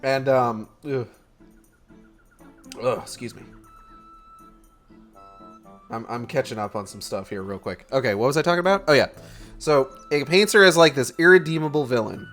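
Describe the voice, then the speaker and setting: A man's voice: medium pitch, moderate pace, pauses often, a bit bright, soft background music. A man casually recapping a movie plot as a streamer, in a rambling way full of swearing and fillers.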